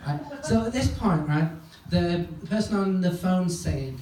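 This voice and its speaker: Guy doing stand-up, rambling sweary story, deadpan, bit high voice, echoey room, mic sounds far off, noisy. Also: measured pace, few pauses. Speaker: stand-up comedian. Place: comedy club stage. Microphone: stage mic. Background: audience laughter.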